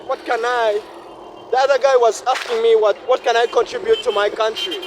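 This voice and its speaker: A man with a Ugandan English accent, hoarse from a flu and cough, vlogging in a reflective, repetitive way beside a highway. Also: fairly even intonation, fairly quick. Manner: reflective, repeats phrases, shifts into a deeper voice at times. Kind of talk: casual vlog monologue. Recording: noisy outdoor recording with wind. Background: traffic and wind.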